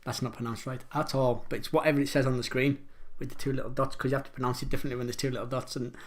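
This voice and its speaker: A man's voice: medium pitch, level tone, very fast. A man hosting a pub quiz live from home, chatty and rambling, joking about his own pronunciation as he reads out the questions.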